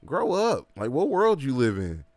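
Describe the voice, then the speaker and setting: A man's voice: mid-range voice, unhurried, no echo. A man streaming a game who chats casually and rants with emphasis, full of slang and repeated asides. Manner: animated, emphatic ranting with slang. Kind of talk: casual livestream chat.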